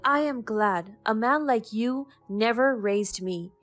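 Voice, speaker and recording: A woman's voice: fairly high pitch, slow pace, fairly bright tone. A woman voicing a defiant young woman who speaks to her estranged father in a cutting, firm way, over faint background music.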